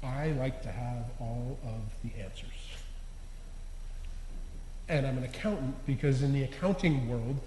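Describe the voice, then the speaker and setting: Earnest man preaching in an echoey hall. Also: mid-range voice. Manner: earnest, confessional, swinging between loud stresses and quiet endings. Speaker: lay preacher. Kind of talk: sermon. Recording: echoey hall with long reverb.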